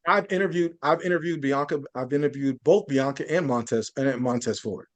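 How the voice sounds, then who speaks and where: A man's voice: medium pitch, brisk. A man speaking as a journalist guest in a podcast interview, earnest and building his points through lists and frequent restarts.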